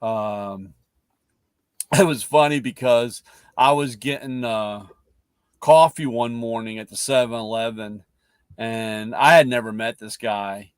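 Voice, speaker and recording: A man's voice: medium pitch, slow, clear, resonant tone, dry recording. A middle-aged man hosting a casual car-talk chat, telling rambling stories and acting out what others said. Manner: rambling storyteller, acts out quotes loudly. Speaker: podcast host.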